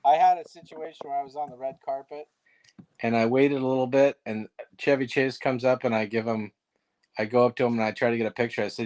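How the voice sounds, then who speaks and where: A man's voice: mid-range voice, steady tone, fast, darkish tone. A man, a guest impressionist, telling stories in casual chat and rambling with lots of fillers.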